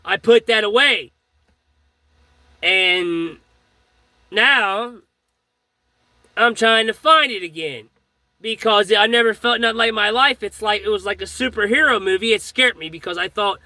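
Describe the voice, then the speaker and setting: Man, high voice, very sharp and bright tone, earnest rambling testimony, dry close sound. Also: unhurried, pauses often, dry recording. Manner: earnest, rambling, fervent about faith; speech full of fillers and restarts. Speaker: storyteller recounting a personal experience. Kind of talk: casual spoken testimony.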